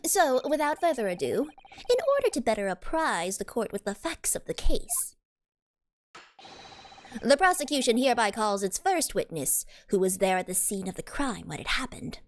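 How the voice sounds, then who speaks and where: A woman's voice: fairly high pitch, very animated, moderate pace, slight background noise. A woman voicing a haughty, formal male prosecutor in a game, with stiff, pompous courtroom diction.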